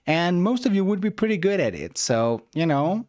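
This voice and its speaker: Man from Mexico, streamer, relaxed chatty reaction talk, dry close sound. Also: sits high, moderate pace, dry recording. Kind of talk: casual reaction stream chat.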